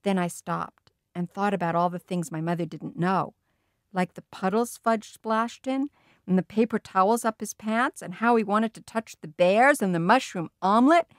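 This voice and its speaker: A woman narrating a children's storybook in a lively, expressive way. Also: medium pitch, moderate pace, no room sound, clean studio sound. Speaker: audiobook reader.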